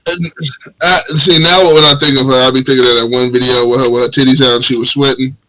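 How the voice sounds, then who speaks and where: A man's voice: mid-range voice, fairly even intonation, fast, pushed and bright, rough recording. A man co-hosting a podcast, talking in laid-back slang and laughing along. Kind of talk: casual chat.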